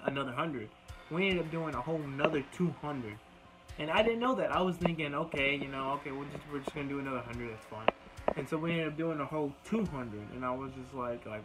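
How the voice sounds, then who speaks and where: A man's voice: on the high side, poor audio. A young man telling a long, rambling workout story in casual talk, swearing freely and acting out what was said. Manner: rambling, profane, retells dialogue in quoted bursts. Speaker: vlogger. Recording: music playing clearly behind the voice.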